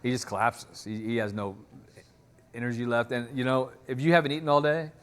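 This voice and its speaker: A man's voice: medium pitch, fairly even intonation, a little fast, smooth. A man preaching a sermon, retelling a story in a conversational way. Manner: conversational storytelling, acts out quotes.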